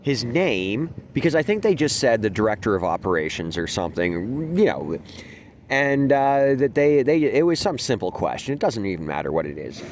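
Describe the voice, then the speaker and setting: A man's voice: medium pitch, big pitch swings, a little fast, a little mellow, a little hiss or hum. A man hosting a gaming video, telling rambling, profane stories in a casual way and laughing at his own jokes. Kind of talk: casual storytelling over gameplay.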